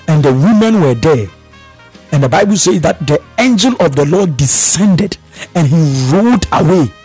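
A man's voice: a little high, a little mellow, husky. A man leading prayer and Bible teaching, chanting fervently in tongues and calling out rhythmic, repetitive prayers. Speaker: pastor.

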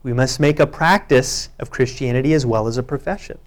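A man's voice: mid-range voice, fairly quick. A man preaching a sermon, reading scripture aloud with earnest emphasis. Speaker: pastor.

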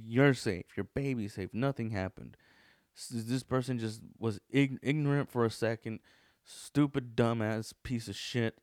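A man's voice: lowish voice, darkish tone, no echo, clean studio sound. A man hosting a podcast, telling a story in a casual, rambling way with lots of swearing, fillers and restarts. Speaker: podcast host.

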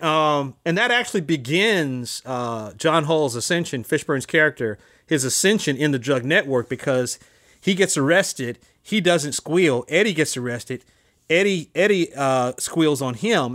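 Lively man in casual film talk. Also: on the high side, moderate pace.

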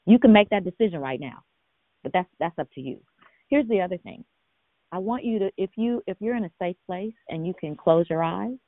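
A woman's voice: low voice, dry recording. A woman preaches over a conference call, speaking earnestly and directly with rhetorical questions and frequent restarts. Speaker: minister leading a prayer call. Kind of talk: conversational sermon on a call. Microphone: phone or conference call. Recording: tinny phone line.

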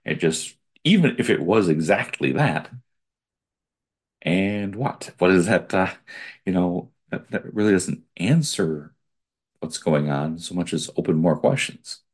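A man's voice: low voice, lively intonation, a little slow, husky. A man reading an article aloud and breaking off to add his own digressive comments.

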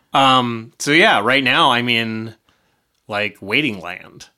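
A man's voice: medium pitch, pushed and bright. A man co-hosting a podcast, short of breath, talking candidly in casual chat and swearing now and then. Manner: candid, swearing, laughing through hard news. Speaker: podcast co-host.

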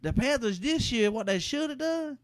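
Someone doing Leroy Claus, high slangy Santa cousin. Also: animated, normal speed, a little hiss or hum. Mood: laid-back boasting. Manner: drawling slang, calls everyone man. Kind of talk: comedic improvised character bit.

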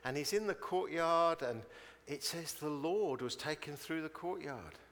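A man's voice: on the high side, a little slow, fairly bright tone, long reverb tail. A man preaching a chatty sermon, telling stories and acting out their people in voices.

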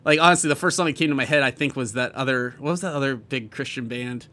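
A man's voice: mid-range voice, quick pace, bright, forceful tone. A man co-hosting a podcast, telling a story in casual chat, rambling with many fillers and restarts. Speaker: podcast co-host.

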